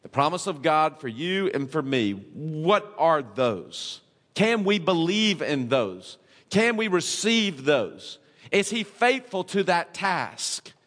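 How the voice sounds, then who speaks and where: A male pastor preaching a sermon, asking his listeners question after question and swinging between quiet, low stretches and emphatic peaks. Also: sing-song, slow pace. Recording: long hall reverb.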